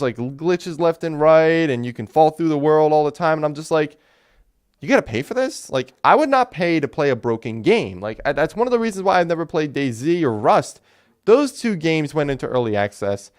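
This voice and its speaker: A man's voice: a little high, clear, resonant tone. A man hosting a solo podcast, talking casually and animatedly about video games, rambling with lots of fillers and restarts. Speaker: podcast host. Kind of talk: casual solo game talk.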